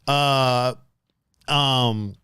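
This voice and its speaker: A man's voice: medium pitch, fairly even intonation, drawn-out words, pushed and bright, a little hiss or hum. A man hosting a casual podcast, talking in a laid-back, slangy way and reading out chat comments. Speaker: podcast host.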